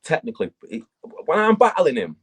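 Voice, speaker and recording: A man, a battle rap guest talking casually in an interview, telling animated stories and swearing a lot. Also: a little high, fairly quick, slightly rough. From England. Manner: animated storytelling, heavy swearing.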